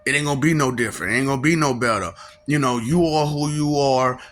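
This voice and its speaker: A man's voice: medium pitch, fast talker, fairly bright tone. A man giving a rambling solo monologue in a manic, taunting way, breaking into cackles between lines. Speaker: vlogger.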